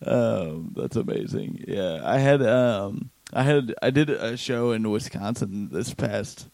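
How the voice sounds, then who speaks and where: A man's voice: on the low side, lively intonation, slow pace, gravelly, darkish tone, dry recording. A man chatting casually as a comedian and podcast host, laid-back and tired, laughing often and swearing. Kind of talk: casual chat.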